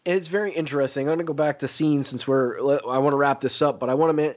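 A man co-hosting a casual film podcast, talking in an animated way, swearing and laughing often. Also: fairly high pitch, quick pace. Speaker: podcast co-host. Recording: slightly dull lo-fi audio.

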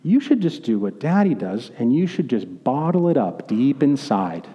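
A man's voice: mid-range voice, sing-song, normal speed, mellow, dull audio, voice pushed down, close to an everyday voice. A man putting on the voice of a bumbling cartoon dad giving foolish advice in a mock-wise fatherly tone, in an echoey hall.

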